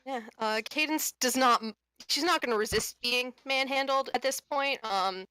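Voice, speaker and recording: A woman's voice: high-pitched, normal speed, pushed and bright, clear, resonant tone, dry recording. A woman playing a tabletop game, talking casually and hesitantly. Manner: casual, hesitant, laughing easily. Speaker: player. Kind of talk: tabletop role-play chat.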